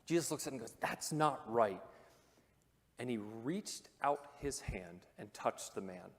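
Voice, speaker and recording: A man of ordinary pitch delivers a sermon in a church auditorium, his voice trailing a long hall reverb. He keeps it conversational and animated, tossing in jokes, then drops low and hushed for weight. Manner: conversational and animated, with joking asides and dramatic hushed pauses. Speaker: preacher.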